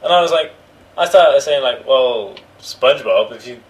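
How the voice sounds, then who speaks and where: A man's voice: mid-range voice, animated, moderate pace, low-quality recording. A young man telling a story in casual chat, swearing freely and acting out the other people's voices.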